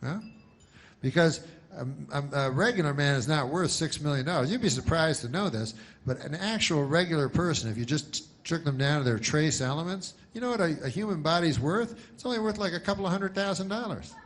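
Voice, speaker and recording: Dry, deadpan male stand-up comedian. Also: fairly high pitch, brisk.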